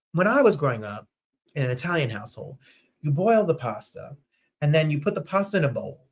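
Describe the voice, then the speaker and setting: Gadatliwy mężczyzna, prowadzący program na żywo. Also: male voice. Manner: chatty, animated, quick jumps to loud high outbursts. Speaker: host. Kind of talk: casual livestream chat.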